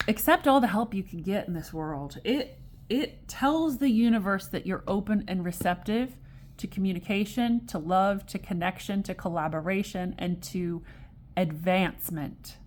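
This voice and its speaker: A woman's voice: medium pitch, normal speed, darkish tone. A woman giving a casual tarot reading to camera, chatty and digressive, exasperated yet amused. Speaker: tarot reader.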